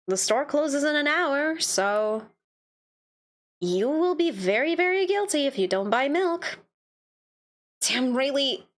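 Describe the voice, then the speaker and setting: A woman streaming a game, reading its dialogue aloud and reacting playfully between lines. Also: high-pitched. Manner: playful, reads text then comments with laughs.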